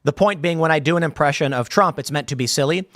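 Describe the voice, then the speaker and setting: A man's voice: a little high, quick pace, a bit bright, dry recording, studio quality. A man hosting a live show, reading chat comments and riffing on them in a rambling way, full of fillers and restarts. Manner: rambling, many fillers and repeated starts. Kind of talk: casual live-stream commentary.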